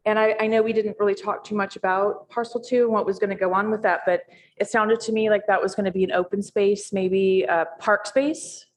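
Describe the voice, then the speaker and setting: A woman on a city board giving her comments in a public meeting, thoughtful and hesitant with frequent pauses and restarts. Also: medium pitch, fairly even intonation. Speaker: board member.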